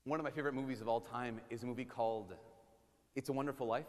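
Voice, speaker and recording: A man preaching as a priest, in an animated, joking way that slips into impressions. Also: mid-range voice, fast. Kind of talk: sermon. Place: church. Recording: long church reverb.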